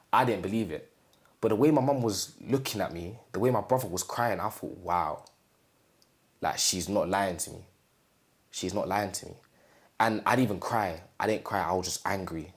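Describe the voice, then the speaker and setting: A young man from England in an interview, telling his own story in a casual, halting way and often acting out what his family said. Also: fairly low pitch. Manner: halting, repeats phrases, acts out quoted family speech.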